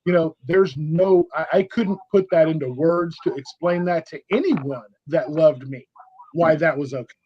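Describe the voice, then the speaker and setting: A man's voice: on the high side, normal speed. Frank man in his forties, lo-fi. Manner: frank and emphatic. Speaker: podcast guest. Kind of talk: candid conversational storytelling. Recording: dull lo-fi audio with faint noise.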